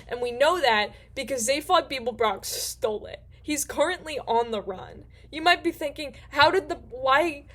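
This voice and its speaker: A woman hosting a casual book recap, rambling and excitable and swearing freely. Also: fairly high pitch. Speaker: host.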